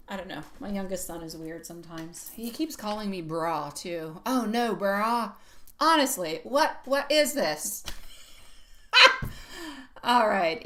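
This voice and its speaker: A woman's voice: medium pitch, a bit bright. Affectionate woman tarot reader. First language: French. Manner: affectionate, calls viewers sweetie and love. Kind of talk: casual live-stream chat. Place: at home.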